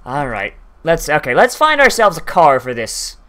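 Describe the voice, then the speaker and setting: A man's voice: on the high side, wildly swooping pitch, normal speed, sharp tone. A man from the UK, giving rambling, crude, joking commentary while streaming a game. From United Kingdom.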